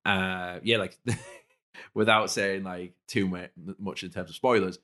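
A man with a low, deep voice co-hosts a casual podcast. He talks with eager enthusiasm, and his sentences wander and restart as he thinks aloud. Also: steady tone, slow, sharp tone. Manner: enthusiastic, rambling. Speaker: podcast co-host. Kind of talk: casual chat.

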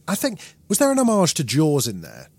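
A man's voice: on the high side, wildly swooping pitch, a little fast, a little mellow, no echo. Enthusiastic man, swearing casually. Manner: enthusiastic, swears freely, acts out quotes. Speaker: podcast co-host. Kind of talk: casual chat.

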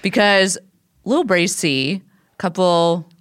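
A woman co-hosting a comedy podcast, telling stories with wry, quick banter. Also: on the low side, no echo, clean studio sound. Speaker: podcast co-host. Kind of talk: casual comedic chat.

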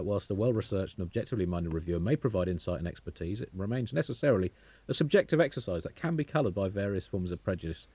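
Pompous, fast-talking man, mock-essay. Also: on the low side, breathy edge, dry recording. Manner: pompous, wordy, deadpan. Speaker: guest comedian. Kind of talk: mock-serious comic essay.

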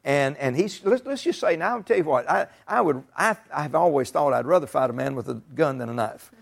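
A man's voice: a little high, animated, a little fast, creaky. A middle-aged man preaching a sermon in a folksy, emphatic way. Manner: folksy, emphatic, rising to shouts and laughter. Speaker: pastor.

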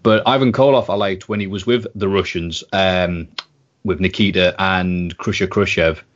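British guy on a podcast, chatty and animated, lowish voice, kinda muffled. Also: normal speed. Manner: animated storyteller, swears, slips into impressions. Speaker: podcast guest. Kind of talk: casual podcast chat. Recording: slightly muffled audio.

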